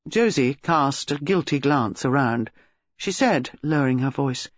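A woman narrating a novel in an expressive storytelling manner. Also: a bass voice, normal speed, slightly rough, dry recording. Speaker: audiobook narrator. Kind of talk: scripted narration. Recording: slightly dull lo-fi audio.

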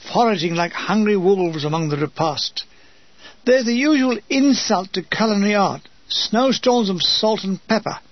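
A man's voice: high-pitched, no room sound, dull audio. A man narrating his own war memoir, a scripted reading full of dry, comic asides.

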